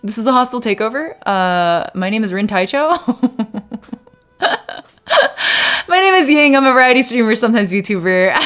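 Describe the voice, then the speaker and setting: A woman live-streaming a game, chatting casually and thinking aloud, breaking into laughs and sometimes slipping into Mandarin. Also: moderate pace. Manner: laughs often, bursts into high excited yelps. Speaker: variety streamer.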